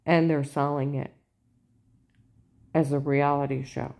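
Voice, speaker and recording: A woman in a casual monologue, insistent and repetitive, turning loud and emphatic. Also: low-pitched, flat delivery, measured pace, gravelly. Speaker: vlogger.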